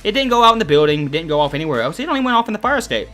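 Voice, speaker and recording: Young male host, profane and animated storyteller, slightly high voice. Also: racing, faint music behind. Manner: animated, profane, acts out his own quoted lines. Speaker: channel host. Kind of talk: casual storytelling.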